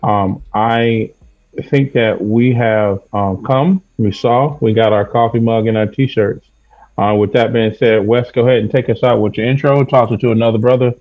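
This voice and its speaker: A man hosting a casual live podcast, relaxed and thankful, with some fillers. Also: mid-range voice, moderate pace, highs cut off. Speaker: podcast host.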